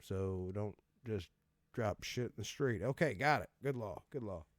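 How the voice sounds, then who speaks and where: A man's voice: fairly low pitch, measured pace, no room sound, studio quality. A man hosting a casual comedic commentary, sarcastic and profane, laughing as he riffs with mock voices. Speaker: host reacting to odd laws.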